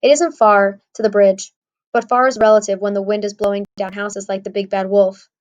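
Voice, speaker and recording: A woman's voice: medium pitch, steady tone, moderate pace, highs cut off. A woman narrating an audiobook in the first person, wry and conversational.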